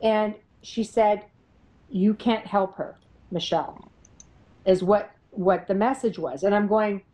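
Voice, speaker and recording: A middle-aged woman, a paranormal investigator, telling her experiences as an interview guest, animated and laughing often as she acts out what others said. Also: mid-range voice, slow pace, poor audio. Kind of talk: storytelling in an interview.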